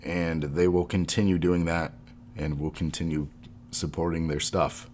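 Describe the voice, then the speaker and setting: Man, very low voice, rambling podcast chat, laughs a lot, faint hum behind. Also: little pitch movement, unhurried, darkish tone. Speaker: podcast co-host. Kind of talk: casual chat.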